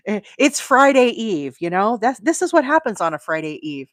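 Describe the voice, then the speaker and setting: A woman's voice: a little high, sing-song, normal speed, dry recording, studio quality. A woman hosting a crochet livestream, chatting casually, rambling and laughing often. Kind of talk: casual live-stream chat.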